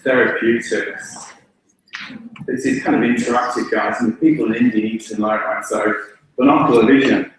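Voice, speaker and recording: A man's voice: lowish voice, level tone, normal speed, recorded from a distance, slight background noise. Joking man chairing a panel, echoey hall. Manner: informal, joking, with restarts. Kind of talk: conference session introduction. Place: large lecture hall.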